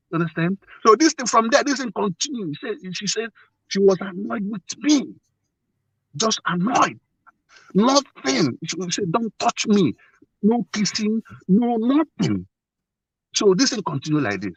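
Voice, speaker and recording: A man earnestly telling a personal story as a guest, halting and repeating himself often. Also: sits high, fairly bright tone, breathy edge, no echo, rough recording. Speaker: guest sharing a marriage problem.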